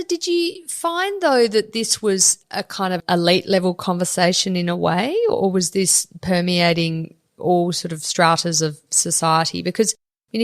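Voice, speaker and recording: A woman's voice: lowish voice, no room sound, clean studio sound. A woman hosting an interview, asking leading questions that end in tag questions. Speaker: interview host.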